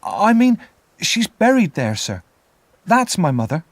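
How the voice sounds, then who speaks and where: A man's voice: high-pitched, huge pitch swings, a little slow, no echo, pitched above the performer's own voice, heavily acted. A man voicing a frightened young boy in an audiobook, pleading politely in a raised, trembling voice. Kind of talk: audiobook character voice.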